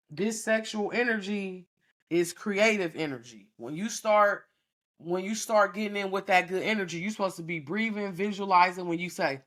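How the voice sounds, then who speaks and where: A woman's voice: fairly low pitch, fairly bright tone. A woman hosting a podcast, talking frankly and profanely to her listeners in a casual preachy monologue, often checking in with them. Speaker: podcast host teaching a class.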